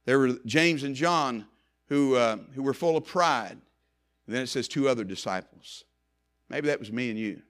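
Moving at a moderate pace, a man preaches fervently. His voice rises to loud emphasis and dips to hushed lows, and he repeats phrases to drive points home.

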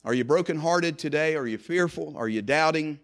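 A man preaching a sermon with passion, rising to loud emphasis and dropping to hushed low passages, repeating phrases for effect. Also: moderate pace.

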